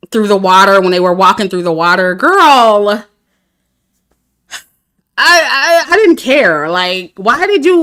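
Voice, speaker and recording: A woman's voice: a little high, sharp tone. A woman, talking casually to her chat about a dating show, candid and laughing often. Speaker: reality TV commentator. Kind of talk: casual review livestream.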